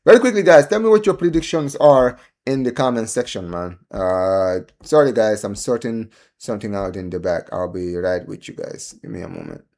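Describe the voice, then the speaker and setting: Streamer host, male, live match watchalong, excitable fan ranting to chat. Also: on the low side, moderate pace, vocal fry, few pauses. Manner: excitable, pleading, exasperated fan rants; chatty, addresses viewers as guys and bro. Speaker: livestream host. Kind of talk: live football watchalong commentary.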